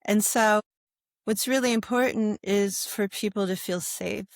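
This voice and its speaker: A woman yoga instructor talking in a calm interview, with a soothing, guiding manner and a habit of asking "right?". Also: mid-range voice, measured pace, dry recording, studio quality. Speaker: yoga instructor and sobriety guest. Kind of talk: calm conversational interview talk.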